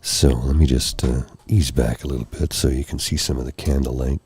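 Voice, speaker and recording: A tired, hoarse man hosting a soft-spoken ASMR live stream, rambling gently and apologizing often. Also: extremely low pitch, steady tone, fairly quick, dry recording. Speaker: ASMR host. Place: candlelit room at home. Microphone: close mic for ear-to-ear speaking.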